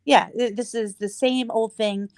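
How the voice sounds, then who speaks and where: A woman with a fairly high voice, rambling as a guest on a live stream and using "like" often. She sits close to the mic in a dry room. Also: steady tone, unhurried, a little mellow, no room sound. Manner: rambling, heavy use of "like". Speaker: guest commentator. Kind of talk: casual live-stream chat.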